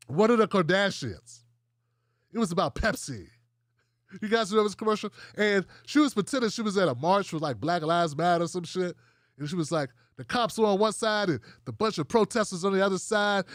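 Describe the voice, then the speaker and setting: A man's voice: high-pitched, a bit bright, no echo, studio quality. A man hosting political commentary, ranting casually with profanity and sarcasm, acting out mocking quotes.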